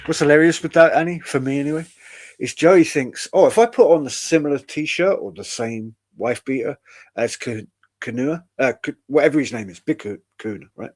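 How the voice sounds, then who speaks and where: A man's voice: fairly high pitch, fairly quick. Man, online show host, rambling and wry, swears freely. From United Kingdom. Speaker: podcast host. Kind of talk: casual chat.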